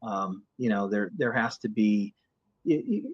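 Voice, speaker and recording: A man's voice: fairly low pitch, measured pace, breathy edge, no echo. Man, hesitant stammering talk, dull lo-fi sound, dry. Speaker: podcast guest.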